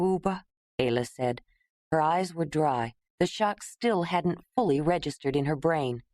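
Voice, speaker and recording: A woman narrating an audiobook in a measured, steady way. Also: deep voice, no room sound, studio quality.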